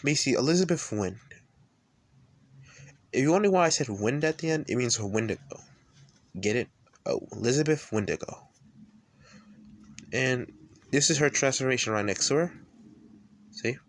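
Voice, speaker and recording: A chatty man narrates a fan-made story in a loose, off-the-cuff way. He trails off, corrects himself and mutters asides, in a voice of middling pitch. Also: expressive, moderate pace, long pauses. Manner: rambling, self-interrupting, chatty. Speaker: storyteller vlogger.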